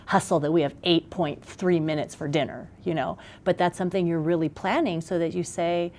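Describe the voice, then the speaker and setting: A middle-aged woman speaking as a parenting expert guest in a conversational interview, animated and acting out little scenes. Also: fairly low pitch, fairly quick.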